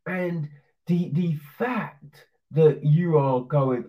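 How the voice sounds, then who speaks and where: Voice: mid-range voice, slow. A commentator delivering a profane, sarcastic, heated opinion rant. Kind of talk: ranting opinion monologue. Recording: distant dull lo-fi sound.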